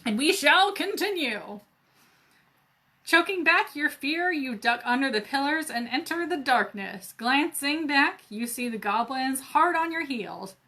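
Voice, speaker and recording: A woman reads a choose-your-own-adventure book aloud for a library storytime. Her voice is high and bright. She often breaks off for playful, self-mocking jokes. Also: expressive, measured pace. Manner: playful asides, laughs at herself.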